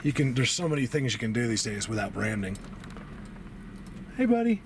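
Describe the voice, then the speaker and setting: A man filming himself outdoors on a trail, talking to the camera in an excitable, chatty way and now and then dropping to a hush. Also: fast, noisy background. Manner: excitable, talks to animals in a high baby voice, drops to hushed tones. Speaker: outdoor vlogger. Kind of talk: casual walking vlog.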